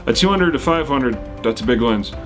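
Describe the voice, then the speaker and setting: A man in a relaxed, casual question-and-answer video, answering his viewers at an unhurried pace with many "um"s and "you know"s. His pitch sits in an ordinary middle range. Faint guitar music plays behind him. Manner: rambling, many fillers and restarts. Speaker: whitewater kayaking channel host. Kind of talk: casual Q&A, reading viewer comments.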